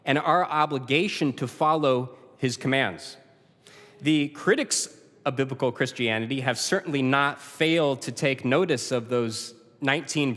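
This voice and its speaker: A male pastor preaching a sermon, expressive, often dropping low and soft at the ends of phrases. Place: church sanctuary. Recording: long reverb of a church hall.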